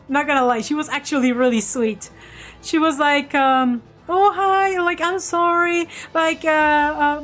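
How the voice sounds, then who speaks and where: A woman vlogger casually telling an animated story and laughing often. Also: high-pitched.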